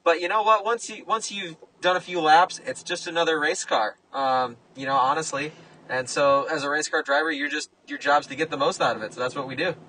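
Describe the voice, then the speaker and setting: A man's voice: a little high, fairly even intonation, fairly quick, sharp tone, recorded from a distance, a little hiss or hum, low-quality recording. A young man, a race car driver, answering interview questions in an easygoing way with many fillers. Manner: easygoing, lots of "uh" and "you know". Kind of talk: casual interview.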